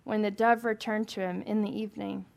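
A woman's voice: mid-range voice, little pitch movement, a little fast, gravelly. A woman leading a Bible study for a small group, reading scripture aloud and chatting with questions to the room.

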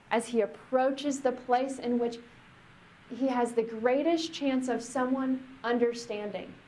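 Reflective woman pastor, higher voice. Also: darkish tone. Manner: reflective, conversational, slows for emphasis. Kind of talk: sermon with scripture reading.

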